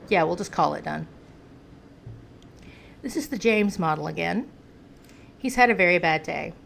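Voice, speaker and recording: Gravelly-voiced American woman doing game commentary. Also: lowish voice, expressive, normal speed, a bit bright, slight background noise. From United States. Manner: chatty, talks to the game character like a pet. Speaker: gameplay commentator.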